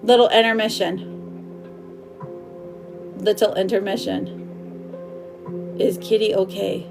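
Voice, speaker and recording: Higher-voiced woman reading tarot live, gushing and warm with viewers, soft music underneath. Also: animated, a little slow. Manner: chatty and affectionate, calls viewers darling and my love. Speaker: tarot reader.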